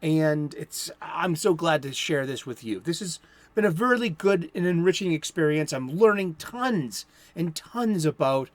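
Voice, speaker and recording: Male host, fairly high voice, casual and enthusiastic delivery. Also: expressive, measured pace, no echo. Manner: enthusiastic, chatty with fillers. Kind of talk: casual chat.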